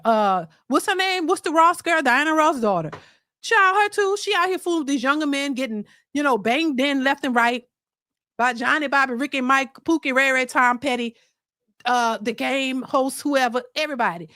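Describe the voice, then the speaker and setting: A high-pitched woman gives casual, slangy commentary, talking straight to her viewers with lively emphasis. The sound is dry and close, with no room echo, as if she is speaking into a close mic at home. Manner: animated, slangy, talks straight to the audience. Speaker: YouTube commentator.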